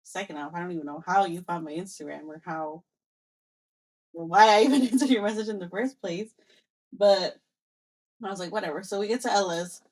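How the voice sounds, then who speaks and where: A young woman co-hosting a podcast, telling a personal story in a casual, animated way and acting out both sides of past conversations. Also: lowish voice, fairly quick, pauses often. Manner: animated storyteller, acts out quoted exchanges, mixes in Spanish phrases. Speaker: podcast co-host.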